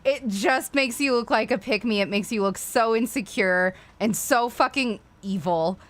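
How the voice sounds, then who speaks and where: A woman's voice: fairly high pitch, measured pace, fairly bright tone. A woman hosting a casual livestream and chatting to viewers, ranting with frequent swearing and apologetic asides. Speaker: livestream host.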